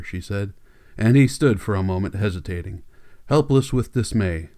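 A man reading a classic novel aloud as an audiobook narrator, in measured, steady storytelling. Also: lowish voice. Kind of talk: scripted narration.

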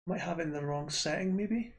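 A man's voice: on the high side, a little fast. A Scottish man streaming retro games, chatting casually and rambling to his viewers with frequent restarts.

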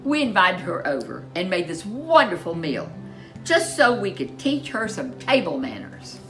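A woman's voice: on the low side, very animated, measured pace, a bit bright, faint music behind, voice pushed up, exaggerated voice. A woman voicing a polite, scheming male goblin who talks in a prim, formal way in a storybook reading.

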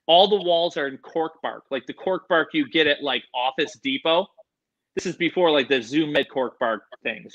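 Excitable, bright-voiced man telling stories. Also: high-pitched, muffled recording. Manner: animated, excitable, slangy, says "dude" and "like" a lot. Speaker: animal expert guest. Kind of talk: casual storytelling in a podcast interview.

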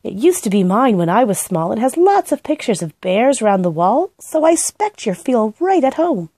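A woman reading aloud and voicing a cheerful, kind young girl who chatters brightly and eagerly. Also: on the high side, normal speed, slightly rough, no room sound, clean studio sound, pitched above the performer's own voice. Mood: excited. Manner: bright, chirpy and excited.

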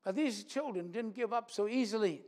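A man preaching a sermon in a church, animated, acting out quoted voices with big swings in loudness. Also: high voice, moderate pace.

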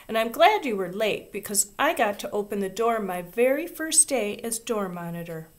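A woman voicing a shrill little kindergarten girl who tattles, near tears. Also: lively intonation, normal speed, lightly acted. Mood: smug.

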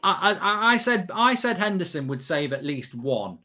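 A man giving excitable, sweary live reaction commentary as a streamer, half talking to himself. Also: high voice, moderate pace.

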